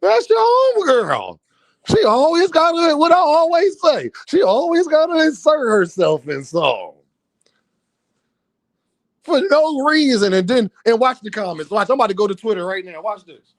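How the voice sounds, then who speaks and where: A man riffs with his livestream chat, joking, swearing and laughing as he goes. His voice sits high and swings widely in pitch, and the sound is dry and close, with no room in it. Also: moderate pace, dry recording. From Philadelphia. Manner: animated, joking, profane, laughs often. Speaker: boxing livestream host. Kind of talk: casual livestream banter with chat. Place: home streaming setup.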